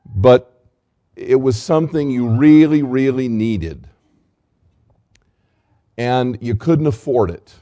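A middle-aged pastor delivers an earnest, unhurried sermon, taking his time over each phrase. His voice is warm and mellow, and he often pauses on fillers and restarts before pressing on. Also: medium pitch. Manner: gentle, unhurried, earnest preaching. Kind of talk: Christmas sermon.

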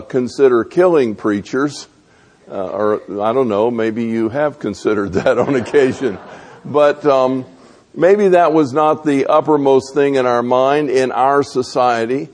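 A man preaching a sermon, deliberate and full of rhetorical questions, pausing often on fillers. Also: mid-range voice, a little mellow.

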